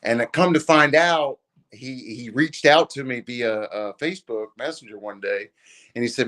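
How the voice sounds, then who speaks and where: A man's voice: mid-range voice, moderate pace, fairly bright tone. A man, a podcast guest, earnestly telling a personal story in casual speech, peppered with "dude" and "man". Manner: earnest, says "dude" and "man" often, chokes up at times. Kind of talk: emotional storytelling in a podcast conversation.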